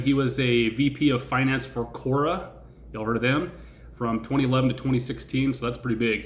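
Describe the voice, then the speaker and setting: A man's voice: medium pitch, fairly bright tone, reverberant. A man hosting a stock-investing channel, chatting casually, laughing often and asking his viewers questions. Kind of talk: casual video commentary.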